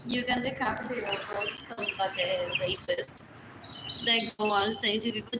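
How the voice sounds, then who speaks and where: Rambling woman with loud birdsong behind. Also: a little high, fairly even intonation, moderate pace, heavy background noise. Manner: rambling, repeats phrases over and over. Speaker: livestreamer. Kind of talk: rambling live stream monologue. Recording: roomy echo with loud birdsong.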